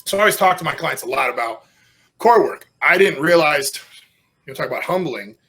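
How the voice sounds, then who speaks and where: A middle-aged man, a strongman guest on a podcast, telling stories casually with lots of swearing and loud self-mocking outbursts. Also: fairly high pitch, animated, a little fast.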